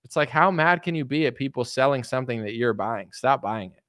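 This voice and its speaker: A man's voice: medium pitch, lively intonation, brisk, a bit bright, no echo, clean studio sound. A young man hosting casual online commentary who rants in a boastful, blunt way.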